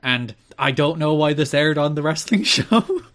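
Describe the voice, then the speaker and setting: A man's voice: fairly high pitch, lively intonation, moderate pace, a bit bright. Man casually recapping with a laugh. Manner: recaps events at length, laughing often. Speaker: podcast co-host. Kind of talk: casual chat.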